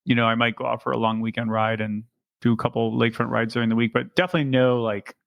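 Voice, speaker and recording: A man with a gravelly, creaky voice at a middle pitch talks casually, wandering through his thoughts with frequent ums and restarts. He is recorded close and dry, with no room sound. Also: flat delivery, quick pace, no echo, lo-fi sound. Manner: rambling, full of ums and restarts. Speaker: podcast co-host and amateur bike racer. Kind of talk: casual chat.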